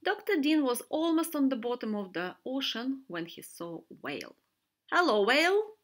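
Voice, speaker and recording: A woman reading a children's picture book aloud, animated and sometimes dropping to a whisper. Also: fairly high pitch, moderate pace. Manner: animated, switching voices for characters, soft whispers. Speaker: storybook reader. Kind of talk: children's read-aloud narration.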